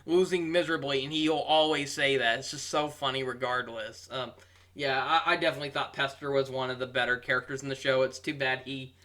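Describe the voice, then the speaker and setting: A young man giving a casual, rambling review, amused and full of pauses. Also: medium pitch, fairly even intonation, pushed and bright. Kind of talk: casual commentary.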